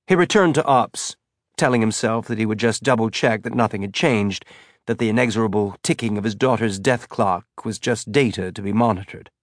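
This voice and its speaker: A man reading a novel aloud in measured, tense scripted narration. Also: on the low side, no room sound, clean studio sound. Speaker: audiobook narrator.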